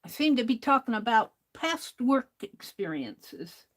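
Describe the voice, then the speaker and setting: A woman's voice: on the high side, big pitch swings, measured pace, a bit bright. A woman hosting a crafting livestream, chatting to viewers while she works and laughing often. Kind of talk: casual crafting chat while working.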